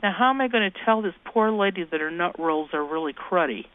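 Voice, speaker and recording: A woman's voice: lowish voice, lively intonation, a little fast. Chatty woman on a tinny phone line. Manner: chatty, folksy, acts out quoted voices. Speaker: guest, ghost-talking cookbook author. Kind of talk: anecdotal storytelling in an interview.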